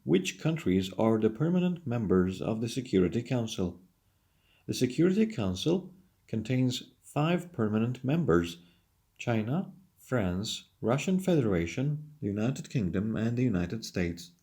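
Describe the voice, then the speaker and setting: A man's voice: mid-range voice, big pitch swings, unhurried, dark tone, husky. A man teaching English, reading questions and answers from a textbook lesson aloud. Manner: reads questions then answers them aloud.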